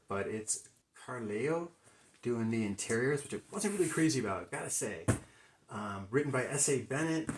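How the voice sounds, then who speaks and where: A man with a Midwestern accent, casually rambling through a comic book haul as a collector, thinking aloud with plenty of fillers. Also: mid-range voice. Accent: American Midwest. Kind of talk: casual unscripted video commentary.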